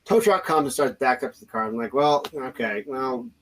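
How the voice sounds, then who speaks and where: A man's voice: mid-range voice, lively intonation, normal speed, a little hiss or hum, poor audio. A man hosting a podcast, telling a story casually with lots of restarts and fillers. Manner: rambling, many restarts and fillers, acts out quoted voices. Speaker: podcast host.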